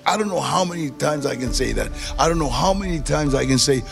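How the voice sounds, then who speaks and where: Man, gravelly voice, lively pitch, personal storytelling, faint noise behind. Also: a little fast, hardly any pauses, over music. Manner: gravelly, animated storytelling with acted quotes. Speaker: storyteller guest.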